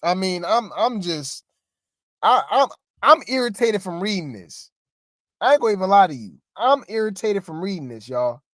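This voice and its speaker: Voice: mid-range voice, expressive, normal speed, fairly bright tone, no echo, studio quality. A co-host giving casual gossip commentary, rambling and exasperated, often talking straight to the listeners.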